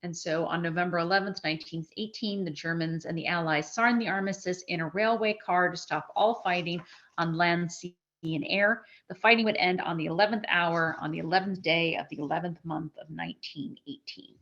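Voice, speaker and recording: A woman giving a live history lecture to an audience, talking in a conversational, animated way with frequent restarts. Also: fairly low pitch, fairly quick, lo-fi sound.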